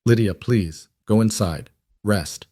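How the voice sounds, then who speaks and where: Cole, a man reading a huge gentle cowboy. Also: on the low side, slow, no echo, clean studio sound. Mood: heartfelt. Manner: rough, heartfelt.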